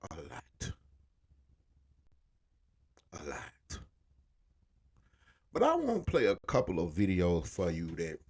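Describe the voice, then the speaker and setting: A man with a drawl rants in heated, profane commentary. His voice sits low but swings widely as he presses each point with exasperated emphasis. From Louisiana, USA. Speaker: commentary vlogger.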